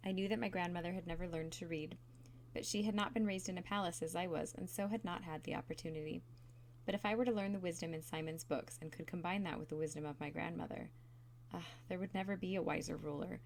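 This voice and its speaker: A woman reading a chapter of a novel aloud in a calm, steady narrating voice. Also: on the low side, quick pace, creaky, a little hiss or hum. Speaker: reader.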